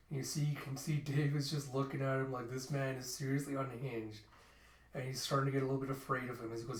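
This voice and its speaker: A man's voice: medium pitch, little pitch movement, quick pace. A man casually narrating a manga readthrough, describing panels as he goes. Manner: casual, narrating panels with "you see" and "he's like". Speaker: channel host reading a manga aloud. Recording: roomy echo, mic at a distance.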